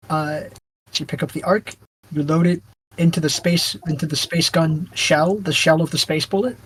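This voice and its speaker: A man co-hosting a podcast, retelling a video game's story in a loose, rambling way with quick mock voices and frequent laughs. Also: a little high, steady tone, slight background noise. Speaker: podcast co-host. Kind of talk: casual podcast chat.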